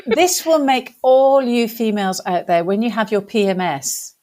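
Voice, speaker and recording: An English woman recounts her misadventures as a podcast guest. Her voice sits a little high, and her delivery is animated and self-mocking, broken up by frequent laughter. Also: moderate pace. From England. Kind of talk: casual storytelling.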